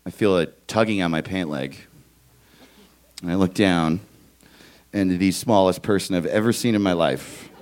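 Animated man telling a live story. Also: sits low. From Los Angeles. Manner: animated, loud kid impressions and shouting. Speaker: standup comedian telling a story. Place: live stage before an audience.

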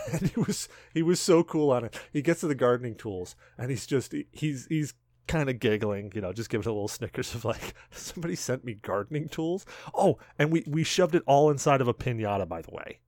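A man's voice: medium pitch, lively intonation, fairly quick, a little mellow, dry recording. A man co-hosting a podcast, telling a story in casual chat, laughing often and acting out what people said. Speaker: podcast co-host.

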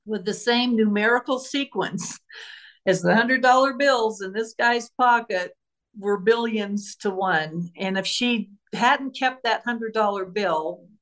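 A woman author tells a true crime story as a guest on an interview show. She speaks at a medium pitch and acts out quoted voices with lively emphasis as she walks through each step of the case. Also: slow pace. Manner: animated retelling, acting out quoted voices.

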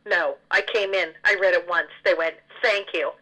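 A woman guest in a casual interview, telling stories in an animated way and laughing often. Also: fairly low pitch, poor audio. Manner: animated, quick storyteller who laughs often. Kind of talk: casual storytelling chat.

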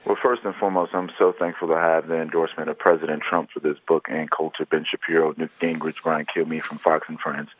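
A man's voice: extremely low pitch, little pitch movement, a little fast, hardly any pauses, dry recording, faint music behind. A man from Chicago, a guest author, telling his life story earnestly in an interview. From Chicago, USA. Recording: tinny phone line.

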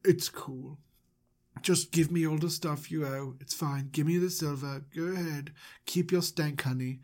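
A man voicing a creepy, flamboyant male manager who talks in a soft, drawn-out, oily way. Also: a little high, steady tone, close to an everyday voice. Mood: smug, creepy.

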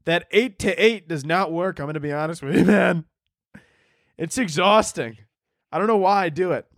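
A man hosts his podcast solo in a loose, rambling chat full of swearing and self-mockery. His voice sits a little high. The sound is close and dry, with no room echo. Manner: rambling, profane, self-mocking. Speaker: podcast host.

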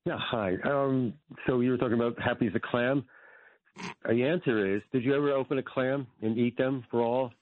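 A man's voice: medium pitch, fairly even intonation, moderate pace, dry recording. A man calling into a radio show, hesitant and chuckling as he talks. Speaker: caller. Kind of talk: phone-in chat. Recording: tinny phone line.

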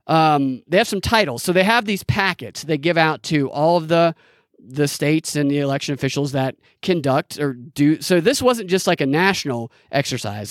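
A man's voice: a little high, no echo, studio quality. A man hosting a solo commentary podcast, ranting in an indignant, mocking way. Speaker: podcast host.

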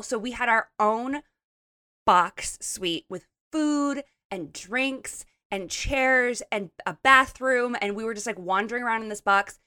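Bubbly, slightly hoarse woman chatting. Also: a little high, sharp tone, no echo, studio quality. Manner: bubbly, gushing storyteller with lots of "like". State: hoarse after a late night. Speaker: podcast co-host. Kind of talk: casual chat.

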